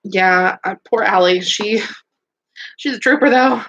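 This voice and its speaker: A woman's voice: medium pitch, takes it slowly, fairly bright tone. Woman beauty school instructor, upbeat and encouraging, casual online quiz review, slightly muffled lo-fi sound. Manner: upbeat, encouraging, chatty with fillers.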